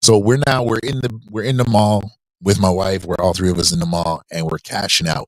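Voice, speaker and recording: A man's voice: fairly quick, no room sound, low-quality recording. A young adult man hosting a live stream, telling a story in casual slang and quoting people in a raised voice. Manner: animated, slangy, voices quotes in a high pitch. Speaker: podcast host.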